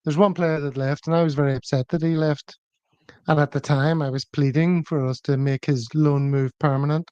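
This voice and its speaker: A man's voice: a little high, steady tone, moderate pace, darkish tone, clear, resonant tone, no room sound, lo-fi sound. Wry man hosting a chat show. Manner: wry and chatty. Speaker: podcast host.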